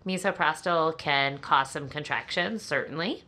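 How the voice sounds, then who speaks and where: A woman's voice: deep voice, unhurried, sharp tone. A woman co-hosting a casual podcast chat, explaining things and checking in with "right?".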